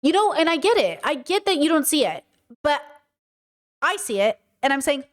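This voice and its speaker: A woman streamer with a high voice reacts to a clip in loose, emphatic commentary. She hammers her points through repetition and slips into mock voices when she quotes people. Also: big pitch swings, moderate pace. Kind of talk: casual commentary.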